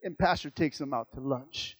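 A man's voice: medium pitch, normal speed, breathy edge, dry recording. A man preaching a sermon as pastor, repeating lines and calling out to the church. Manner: preaching with call-outs and repetition.

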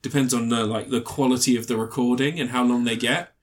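A man's voice: medium pitch, steady tone, brisk. Casual rambling male podcaster. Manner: rambling, swears freely, acts out film characters in mocking voices. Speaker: podcast co-host. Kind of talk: casual film review chat.

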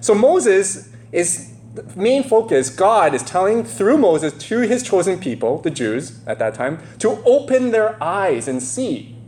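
Halting, animated male Bible teacher. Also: high-pitched, slight background noise. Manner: halting, frequent fillers, emphatic. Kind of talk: Bible study lecture.

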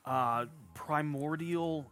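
A man narrating a tabletop game as game master, animated and laughing often. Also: a little high, drawn-out words, faint music behind.

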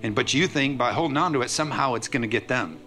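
A male pastor giving a sermon to a congregation in a church, preaching in an energetic, conversational way with playful asides. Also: mid-range voice, fast talker, faint music behind.

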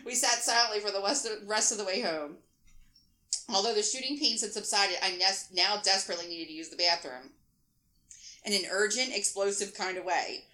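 Woman host in her thirties reading aloud, animated and laughing, bright tone, roomy sound. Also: medium pitch, moderate pace. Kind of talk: reading a funny story aloud. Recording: roomy echo.

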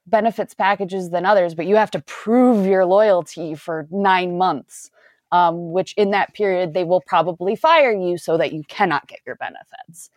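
Woman, lowish voice, podcast chat, animated, frequent restarts, dry recording. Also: normal speed, no echo. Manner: animated, restarts often, laughs while talking. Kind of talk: casual podcast discussion.

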